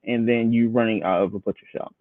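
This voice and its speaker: A man's voice: on the low side, fairly even intonation, quick pace, no room sound. A man in casual podcast commentary, chatty and prone to stammered restarts. His voice comes through thin and phone-like, with a dry, close sound and no room around it. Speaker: podcast co-host.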